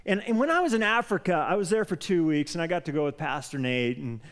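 A man preaching a sermon as a pastor, telling a story with lively, animated delivery that grows loud when he quotes a prayer. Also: a little high, quick pace. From Colorado. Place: church sanctuary.

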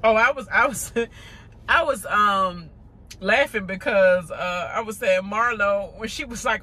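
A woman hosting a casual TV recap rant, animated and mocking, with lots of laughter and stammered fillers. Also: mid-range voice, a little slow. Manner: stammering filler-heavy delivery. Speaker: reality TV recap host.

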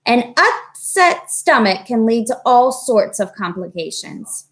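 A woman voicing a fussy, tall, thin male doctor who makes slow, emphatic pronouncements in a storybook reading. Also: a little high, very animated, heavily acted. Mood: fussing.

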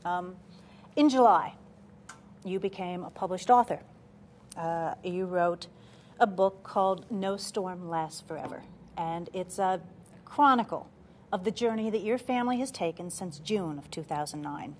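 A woman's voice: fairly low pitch, unhurried, darkish tone, a little hiss or hum. A woman hosting a TV news interview, guiding her guest with questions. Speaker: TV news host.

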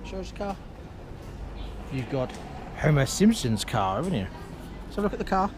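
A man's voice: fairly high pitch, sing-song, moderate pace, over music. A man vlogging with his toddler, talking to him in a playful, coaxing way. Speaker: father vlogger. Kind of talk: casual family vlog chat.

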